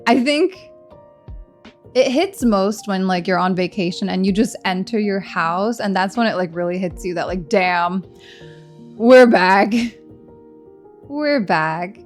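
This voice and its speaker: A woman streamer chatting casually with her viewers, animated and teasing, laughing often, while she eats. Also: mid-range voice. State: hungry, eating during stream. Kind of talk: casual live-stream chat.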